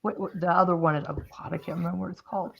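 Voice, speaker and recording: A woman's voice: on the low side, fairly even intonation, very fast, creaky, breathy edge. Rambling chatty woman, slightly muffled. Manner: rambling storyteller, many restarts. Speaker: host. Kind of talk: casual chat while crafting.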